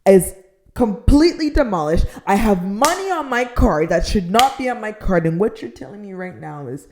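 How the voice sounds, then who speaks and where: A young adult woman telling a frustrated storytime rant, filling her talk with "like" and dropping to a near-whisper so she won't shout. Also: mid-range voice, lively intonation, moderate pace, background noise. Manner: exasperated, heavy use of "like", drops to a near-whisper to avoid shouting. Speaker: storytime vlogger.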